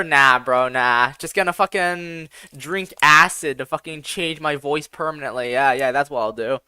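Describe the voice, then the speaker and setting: A man's voice: a little high, moderate pace, few pauses, pushed and bright, clear, resonant tone, no echo. A young man with a boyish voice chatting casually on a live stream, swearing a lot and running himself down in a rambling way. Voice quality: boyish, youthful-sounding. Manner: profane, self-deprecating, rambling.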